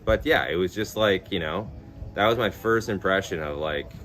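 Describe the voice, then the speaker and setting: A man's voice: low voice, moderate pace, a bit bright, faint music behind. A man live-streaming, chatting casually with viewers in a rambling, laid-back way, swearing freely and laughing through his stories. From Canada. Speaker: livestreamer.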